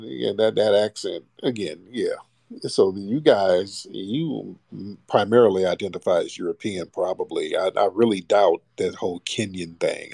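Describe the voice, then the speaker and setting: Low gravelly guy hosting a call-in stream, blunt and mocking, dry close sound. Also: darkish tone, no room sound. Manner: blunt, mocking, talks down to callers. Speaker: livestream host. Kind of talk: casual live call-in chat.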